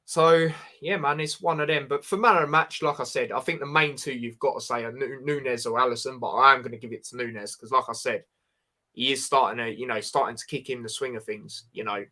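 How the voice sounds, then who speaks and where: A man's voice: medium pitch, steady tone, a little fast, bright, forceful tone. A man hosting a casual football review, rambling with lots of fillers. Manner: rambling, frequent fillers like "you know" and "man". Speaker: podcast host.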